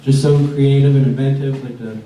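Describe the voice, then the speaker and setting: A man's voice: medium pitch, flat delivery, a little fast, dark tone, slight background noise. A man performing a stand-up comedy set on a club stage, talking in a rambling, conversational way with many likes and uhs. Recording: echoey club, distant mic.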